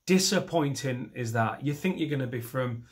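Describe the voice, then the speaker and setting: A man's voice: medium pitch, lively intonation, normal speed. A middle-aged man from doing a rambling, self-deprecating stand-up set. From northern England. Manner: self-deprecating, rambling, mixes in silly voices. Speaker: stand-up comedian.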